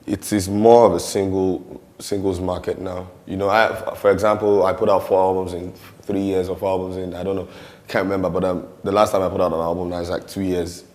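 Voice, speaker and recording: A Nigerian man with a very low voice speaks in a laid-back interview. He talks loosely, stopping often on fillers and slipping into Yoruba. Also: fairly quick. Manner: relaxed, many "you know" fillers, mixes in Yoruba. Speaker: musician and actor interviewee. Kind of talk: casual interview.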